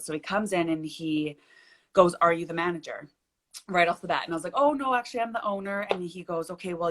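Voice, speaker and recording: Young female business owner, lower register, lively storyteller, video-call interview. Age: young adult. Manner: animated storyteller, acts out quoted dialogue. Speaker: guest, bridal shop owner.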